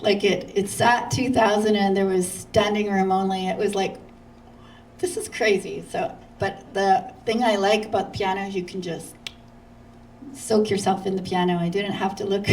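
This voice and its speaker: Woman telling a lively story from afar. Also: medium pitch, measured pace, distant mic, slight background noise, rough recording. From Canada. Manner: lively anecdotes, acting out others' lines, frequent laughter. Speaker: guest speaker. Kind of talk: storytelling talk at a church.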